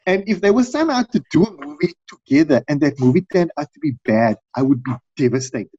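Man, middle-aged, lively swooping pitch, slightly husky, rambling storyteller, dull dry sound. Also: fast talker, no echo. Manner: rambling storyteller, acts out quotes in high voices. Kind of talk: casual chat.

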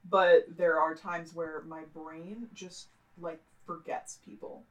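A woman's voice: low voice, level tone, slow pace, fairly bright tone, low-quality recording. A young woman in casual conversation, rambling with fillers and poking fun at herself. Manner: rambling, fillers, self-mocking. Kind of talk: casual chat.

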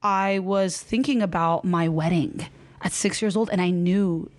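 A young adult woman, a guest life coach, telling her story in a chatty, animated podcast interview and laughing often. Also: on the low side, a little slow.

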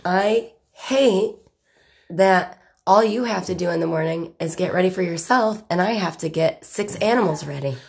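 A woman's voice: lowish voice, moderate pace, creaky, breathy edge. A young woman co-hosting a casual podcast, a few beers in, teasing and rambling as she talks. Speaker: podcast co-host. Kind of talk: casual chat.

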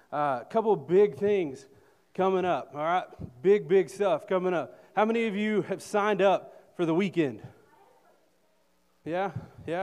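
A man, a youth pastor giving energetic announcements to a youth group while out of breath. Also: on the high side. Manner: energetic, joking with the crowd. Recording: echoey hall.

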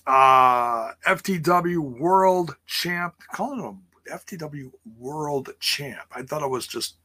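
Slow, rambling man, bright tone. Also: a little high, expressive. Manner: rambling, sarcastic asides, frequent ums and laughs. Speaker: wrestling show recap host. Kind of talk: casual livestream recap chat.

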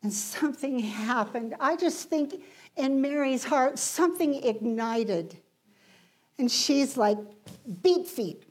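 A woman preaching a sermon, emphatic, rising in intensity and then dropping to hushed lines. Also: high voice, takes it slowly, slightly rough.

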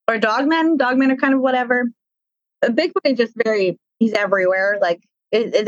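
A woman's voice: medium pitch, no echo, dull audio. A woman guest on a podcast, chatting casually and enthusiastically with lots of fillers. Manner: enthusiastic, rambling, hedging with fillers.

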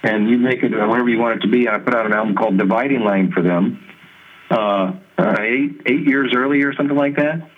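A man being interviewed as a guest musician, telling stories in a lively conversational way, acting out other people's lines and laughing often. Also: medium pitch, fast. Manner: animated storyteller who mimics others' voices and laughs often. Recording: tinny phone-like line.

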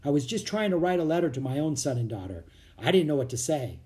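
Reader playing gruff but fatherly soldier captain, storybook, mellow, lively delivery. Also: medium pitch, fast talker, lightly acted. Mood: gentle. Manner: commanding, later gentle. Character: stern but kindly soldier captain, grown man.

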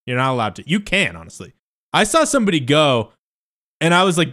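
A man, a stand-up comedian, casually telling a rambling story, swinging between loud asides and muttered remarks with loose, profane phrasing. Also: on the high side, big pitch swings, brisk. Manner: loose and profane, lots of fillers and restarts.

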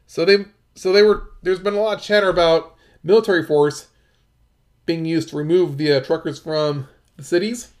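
A man commentating on news, reading articles aloud and adding halting remarks with many fillers and restarts. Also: fairly high pitch, steady tone.

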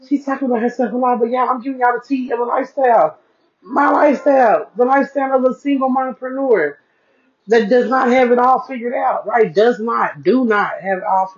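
A woman hosting a casual solo podcast, chatting to her listeners, repeating phrases for emphasis and calling them y'all. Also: fairly high pitch. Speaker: podcast host, single mom. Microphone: podcast mic. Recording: dull lo-fi recording.

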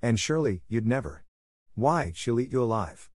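A man's voice: mid-range voice, animated, moderate pace, a little mellow, no echo, clean studio sound, lightly acted. A man voicing a loyal, spirited young girl who speaks bluntly, in an audiobook reading. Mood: alarmed. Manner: scornful and plain-spoken.

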